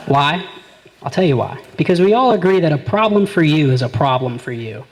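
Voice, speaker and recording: A man's voice: fairly high pitch, lively intonation, brisk, slight background noise, poor audio. A man performing a stand-up comedy set, telling stories with quoted back-and-forth exchanges. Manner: conversational storytelling with quoted exchanges. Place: small live venue.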